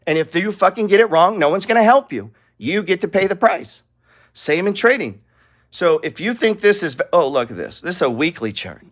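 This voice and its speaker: Brief: high-voiced male trading teacher, blunt and profane, talks through charts with rhetorical questions. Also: a bit bright. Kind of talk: live trading lesson with charts.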